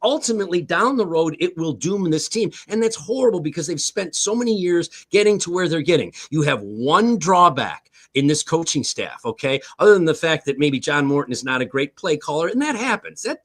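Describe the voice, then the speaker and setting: A man's voice: a little high, lively intonation, fairly quick, hardly any pauses, a bit bright. Emphatic man ranting about football. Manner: emphatic, repeats words, curses for emphasis. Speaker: sports show panelist, former player. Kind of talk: heated sports talk.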